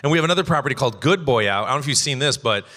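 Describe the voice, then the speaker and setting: A man's voice: mid-range voice, animated, very fast, sharp tone, in a large hall. A man who voice-acts, rambling animatedly through stories on a convention panel stage. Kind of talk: casual panel talk.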